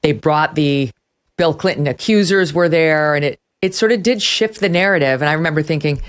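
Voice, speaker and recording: A woman's voice: low voice, brisk. A woman hosting a political interview, posing long, probing questions. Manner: poses probing questions at length. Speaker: host.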